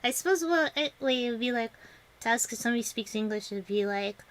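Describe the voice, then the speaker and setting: A woman's voice: on the high side, animated, fast. A young woman streaming to viewers and chatting casually, laughing often and rambling with many restarts. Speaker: vtuber streamer.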